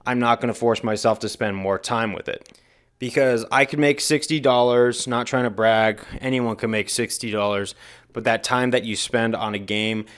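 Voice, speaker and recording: A man's voice: on the low side, fairly bright tone, clear, resonant tone. A young man talking through his opinions in a rambling, earnest monologue with frequent fillers, mentioning that he has the hiccups. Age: young adult. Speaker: gaming commentator.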